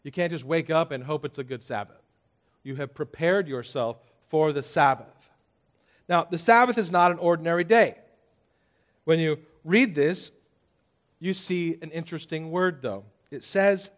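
A man's voice: a little high, normal speed. A man preaching a sermon, getting the congregation to repeat phrases and telling stories with playful exaggeration. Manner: lively preaching, audience call-and-response, playful exaggeration. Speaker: pastor.

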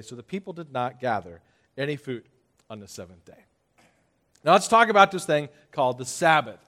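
A man's voice: mid-range voice, moderate pace. A man preaching a sermon, getting the congregation to repeat phrases and telling stories with playful exaggeration. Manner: lively preaching, audience call-and-response, playful exaggeration. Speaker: pastor.

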